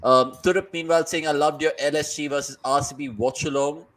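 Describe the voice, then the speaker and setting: A man hosting a casual cricket watchalong from home over a video call, reading viewer comments aloud in quick, upbeat banter. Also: on the high side, steady tone, fairly bright tone, rough recording. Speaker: watchalong host.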